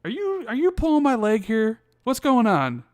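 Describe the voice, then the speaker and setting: A man co-hosting a casual gaming podcast, telling stories with lively acted-out dialogue and many restarts. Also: extremely high pitch, normal speed, dry recording. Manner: animated storytelling, acts out quoted dialogue. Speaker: podcast co-host. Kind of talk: casual chat.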